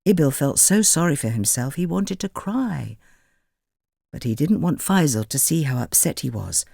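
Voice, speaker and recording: A man reading a children's storybook aloud in a gentle, expressive manner. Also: a little high, normal speed, vocal fry, dry recording, studio quality. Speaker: narrator. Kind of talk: storybook narration.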